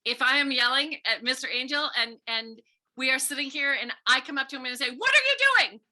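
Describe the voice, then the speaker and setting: A woman's voice: high voice, steady tone, brisk, pushed and bright. A middle-aged woman author giving an earnest, storytelling talk to schoolchildren, sometimes acting out quoted voices. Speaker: visiting author speaking to students.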